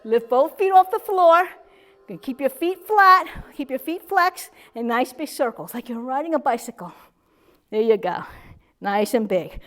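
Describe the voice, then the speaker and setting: A bright, high-voiced woman coaching an exercise class. Her pitch leaps around as she cheers people on with loud whoops. She sounds a little winded from moving along with the group. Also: very animated, measured pace. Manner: upbeat and encouraging, with loud whoops. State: a little out of breath. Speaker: fitness instructor. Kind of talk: instructing a seated strength class.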